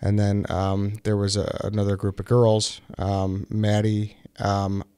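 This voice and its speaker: Young male podcast host, low voice, dry close sound, loose rambling delivery with lots of "um". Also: unhurried, smooth, no room sound. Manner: relaxed, filler-heavy storytelling with many restarts. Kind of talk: casual podcast chat.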